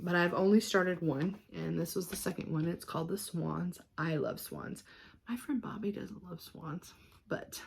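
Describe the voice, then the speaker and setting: A woman in casual show-and-tell mode, walking through her craft projects in an easy, rambling way. Her voice sits in a middling pitch with a gravelly fry underneath. She loses her train of thought now and then and laughs at herself before moving on. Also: slight background noise. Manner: chatty and scattered, trails off and laughs at herself. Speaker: cross-stitch vlogger.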